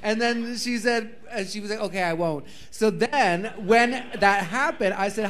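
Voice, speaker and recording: A man with a high voice tells a story on a panel at a fast, playful pace. He keeps jumping in and out of quoted lines, acting out what each person said. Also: a bit bright. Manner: playful, rapid retelling with quoted dialogue. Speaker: drag performer guest. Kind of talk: animated panel chat.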